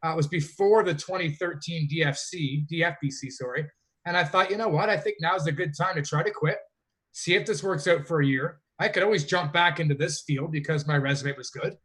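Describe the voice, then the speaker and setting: A man's voice: on the high side, brisk, fairly bright tone, husky. A man from Canada, a fantasy sports player, telling long rambling stories as a guest in a casual interview. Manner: rambling, self-correcting storyteller.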